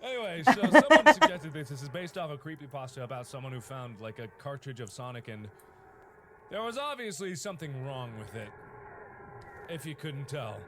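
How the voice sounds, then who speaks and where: A man's voice: medium pitch, sing-song, normal speed, background noise. A man streaming a horror game, reacting with yelps, swearing and dry asides. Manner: jumpy, yelps and swears at scares; wry asides between outbursts. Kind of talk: live game reaction commentary. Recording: game music loud behind voice. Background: game music.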